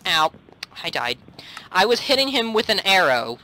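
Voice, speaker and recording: A young man hosting a gaming session, cheering, shouting and joking as he plays. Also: fairly high pitch, very animated, fairly quick, slight background noise, poor audio. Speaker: game channel host. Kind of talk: excited gaming commentary.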